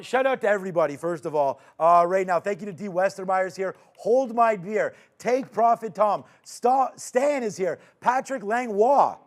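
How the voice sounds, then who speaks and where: High-voiced, energetic male host. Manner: energetic, loud shout-outs. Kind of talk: live market show sign-off.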